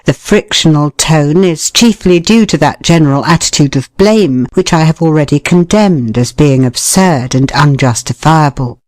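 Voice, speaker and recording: An audiobook reader giving a measured, expressive narration of a nonfiction book, briefly voicing short quoted remarks. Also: mid-range voice, dry recording, clean studio sound.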